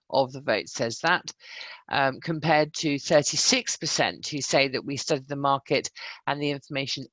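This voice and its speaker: A woman co-hosting a webinar, giving steady updates on poll results with occasional hesitations. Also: extremely low pitch, dry recording, low-quality recording. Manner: steady, informative, with hums of um. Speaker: webinar co-host running polls.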